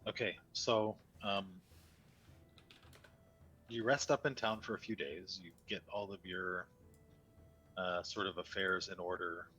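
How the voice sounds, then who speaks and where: A man narrating a tabletop game as game master, unhurried and full of fillers. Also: deep voice, steady tone, bright, forceful tone.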